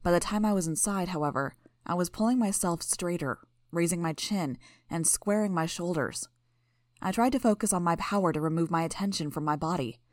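Woman, audiobook narrator, first-person story, low voice, steady, dry close sound. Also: brisk, no room sound.

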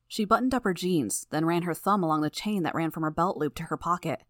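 A woman narrating an audiobook in the first person, with steady, measured storytelling. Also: lowish voice, dry recording, clean studio sound.

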